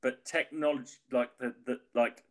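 A man co-hosting a podcast, talking loosely and rambling from point to point. He swears casually. His voice sits at an ordinary middle pitch for a man. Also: steady tone, moderate pace, a crowd in the background. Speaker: podcast co-host. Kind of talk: casual chat.

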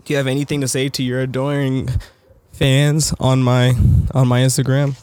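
A man's voice: medium pitch, little pitch movement, a little mellow, clean tone, no room sound. Male host, playful, dry close mic. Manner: quick, teasing, laughs easily. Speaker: podcast host. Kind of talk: casual chat.

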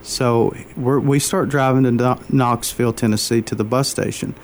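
A man as an interview guest, telling a personal faith story in an earnest, halting way, openly moved. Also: medium pitch, steady tone, slight background noise. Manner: earnest, halting, many fillers and restarts.

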